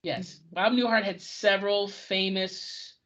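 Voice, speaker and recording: A podcast co-host in casual chat about old television, ranting in an excitable way. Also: mid-range voice, unhurried. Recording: dull lo-fi recording.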